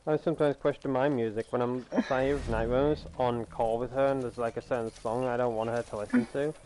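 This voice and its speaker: Young guy gaming on a headset, animated storyteller, lots of game noise behind. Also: medium pitch, brisk. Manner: animated storytelling, swears casually. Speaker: gaming streamer. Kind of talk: casual chat while gaming. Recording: noisy game audio behind.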